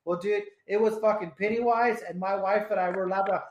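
A man's voice: high voice, steady tone, a little fast. A man hosting a casual radio chat, laid-back and rambling, swearing often as he tells stories. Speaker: radio host. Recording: roomy echo.

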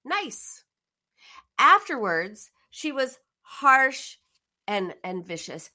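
Lively bright-voiced woman coach. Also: high voice, takes it slowly. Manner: earnest, emphatic, acts out quoted self-talk. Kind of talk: motivational talk.

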